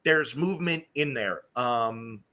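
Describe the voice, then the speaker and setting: A man hosting a casual live stream, telling stories with lively acted-out quotes. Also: mid-range voice, slow. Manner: animated storytelling, acts out quoted voices. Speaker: streamer host.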